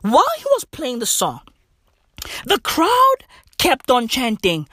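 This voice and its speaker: A man hosting a podcast, telling a story in an animated, profane, slang-heavy monologue. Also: very high-pitched, moderate pace, dry recording, studio quality. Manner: swearing, slangy, says "bruv" and "right?" often. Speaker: podcast host.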